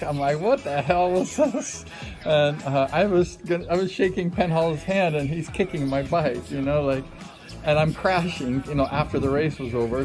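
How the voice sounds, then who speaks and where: A man in his sixties with a somewhat high voice tells a story from his racing days in a loose, chatty way. He acts out what people said and fills the gaps with "you know" and "like". Music plays under him the whole time. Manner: animated, acts out quotes, many fillers. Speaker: former speedway rider. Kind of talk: casual personal storytelling. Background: background music.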